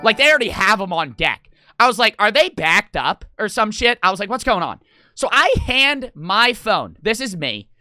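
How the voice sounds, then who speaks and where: A young man streamer telling an animated story, excitable, swearing a lot and talking in rapid, emphatic bursts. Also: sits high, dry recording. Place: gaming house room.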